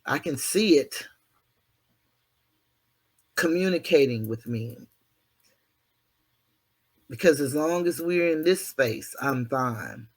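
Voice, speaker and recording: A man's voice: fairly high pitch, takes it slowly, long pauses. A man hosting his own channel, giving a motivational monologue to viewers in an earthy, preachy way with mild cursing and self-deprecating asides. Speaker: channel host.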